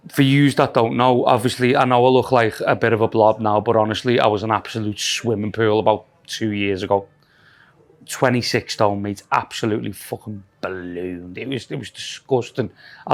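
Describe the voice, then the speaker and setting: Sweary Scouse man joking about himself. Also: fairly low pitch. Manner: swearing, self-mocking, rambling with restarts. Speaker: podcast co-host. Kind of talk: casual banter.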